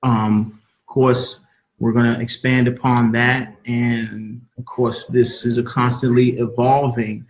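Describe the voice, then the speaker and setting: A man hosts a spiritual talk show in a voice of ordinary pitch. He speaks earnestly and sincerely, and he circles back to the same words of encouragement again and again. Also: level tone, takes it slowly, poor audio. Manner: earnest, repeating his affirmations. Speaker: host.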